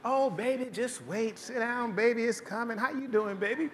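A man putting on a sweet, unhurried Southern lady. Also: very high-pitched, slight background noise, voice pushed up. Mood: soothing. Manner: soothing, drawn-out, calls everyone baby.

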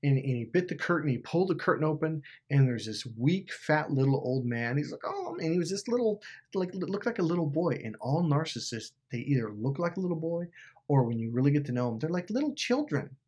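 Husky man ranting profanely to camera. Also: fairly high pitch, expressive, brisk, darkish tone. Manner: profane, emphatic, repeats himself. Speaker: YouTuber. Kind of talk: casual rant to camera.

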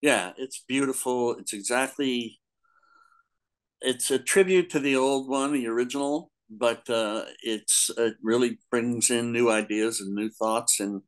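A man's voice: mid-range voice, a little slow. Older man, comics editor guest, casual chat, rambling anecdotes, frequent laughter. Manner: rambling storyteller, laughs often, acts out quotes.

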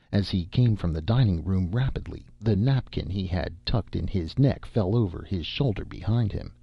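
A man narrating an audiobook in a steady, measured storytelling manner. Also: deep voice, breathy edge, no echo, muffled recording.

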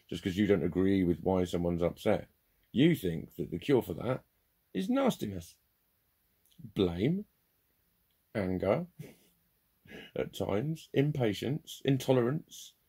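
A man with a very deep, gravelly voice talks in a loose, candid monologue. His tone is dark and husky, and he swears freely and jokes at his own expense as he rambles. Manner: rambling, sweary, self-deprecating. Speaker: vlogger.

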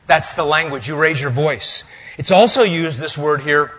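A male pastor preaching a sermon in a church, lively and swinging between loud, emphatic lines and hushed asides. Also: on the high side, normal speed, husky, lo-fi sound. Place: church sanctuary.

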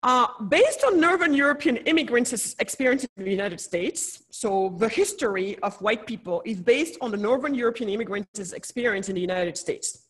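A higher-pitched woman co-host from Africa talks in a lively, emphatic way, doubling up her words to drive each point home. She sounds like she is on a video call in a relaxed, casual conversation. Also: moderate pace, hardly any pauses. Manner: animated, emphatic, repeats words. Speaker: podcast co-host.

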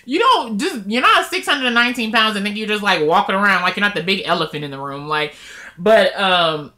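A woman's voice: medium pitch, a little fast. A woman vlogger chatting casually and emotionally straight to her viewers about her weight-loss progress. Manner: emotional and openly expressive, talks straight to viewers. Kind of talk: casual vlog chat.

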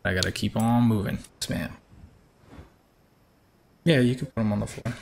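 A man's voice: fairly low pitch, moderate pace, vocal fry, a little mellow, slight background noise. A young man from Georgia, chatting upbeat with viewers as he live-streams a racing game from home.

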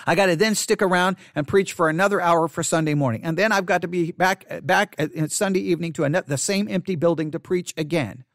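A male pastor teaching catechesis in sermon style, emphatic and repetitive, hushing his voice for quoted thoughts. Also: on the high side, fast talker, hardly any pauses, no echo, clean studio sound.

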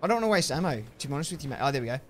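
A man's voice: a little high, very animated, rapid-fire, background noise. A man streaming a horror game, chatting casually in slang and greeting viewers by name as he plays. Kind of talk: casual let's-play commentary.

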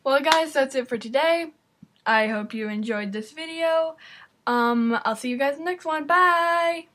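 A woman with a fairly high voice reacts to a video as it plays, in casual, chatty commentary. She exclaims at what she sees and speaks straight to her viewers. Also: moderate pace. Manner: excitable, exclaims and talks to viewers.

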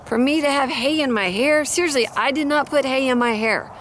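A woman's voice: high-pitched, a little fast, fairly bright tone, slight background noise. A woman vlogging outdoors with a handheld mic, chatting earnestly and praying aloud for her viewers. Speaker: Christian ministry vlogger. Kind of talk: casual prayer and encouragement talk. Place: outdoors near animals and hay. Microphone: handheld microphone.

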